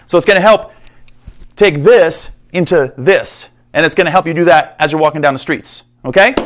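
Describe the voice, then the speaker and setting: Male fitness coach, upbeat and direct, quick delivery with a slightly high voice, long reverb around him. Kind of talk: instructional fitness explainer.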